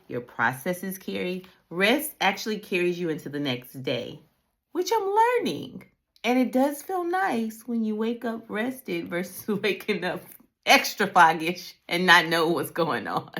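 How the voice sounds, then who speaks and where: A woman's voice: lowish voice, a bit bright. A middle-aged woman hosting a casual reflective talk, telling candid stories and acting out quoted voices. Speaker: host.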